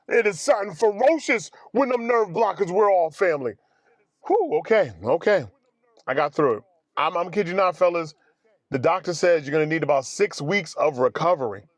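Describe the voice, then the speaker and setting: A man telling a personal story casually to his viewers in an animated way, acting out other people's lines as he goes. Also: on the high side, dry recording. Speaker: vlogger.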